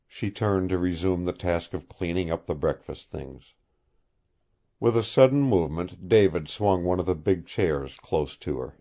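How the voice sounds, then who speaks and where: A man narrating an audiobook chapter in a measured, expressive storytelling manner. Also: deep voice. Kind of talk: scripted narration.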